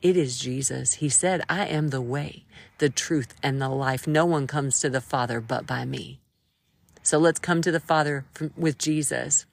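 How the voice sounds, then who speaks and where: A woman's voice: rumbling low, unhurried, vocal fry. A woman hosting a devotional encouragement talk, praying aloud in a playful, quirky way and breaking into snippets of worship song. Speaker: host.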